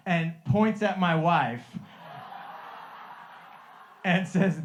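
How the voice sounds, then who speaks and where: A man's voice: a little high, steady tone, slow, long pauses, a bit bright. A middle-aged man and Christian life coach telling a testimony to a live group, earnest and often laughing, with many restarts.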